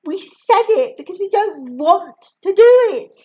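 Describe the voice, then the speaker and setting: Woman doing a high exasperated schoolgirl, blunt, storybook voice, slow and bouncy, dull lo-fi sound. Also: sing-song, warm tone, heavily acted.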